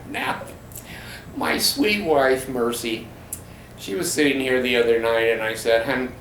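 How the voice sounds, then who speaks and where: A man giving an angry, profane monologue about his church, speaking slowly and emphatically. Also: medium pitch, lively intonation, fairly bright tone, slight background noise. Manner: indignant, profane, slow and emphatic. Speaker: former glazier ranting about his church. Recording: roomy echo with faint ambience.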